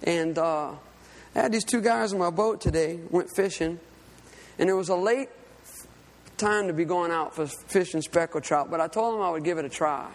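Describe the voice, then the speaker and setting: High-voiced man preaching in a hall. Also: normal speed. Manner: conversational, earnest storytelling. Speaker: lay preacher and fishing guide. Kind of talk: sermon with personal story.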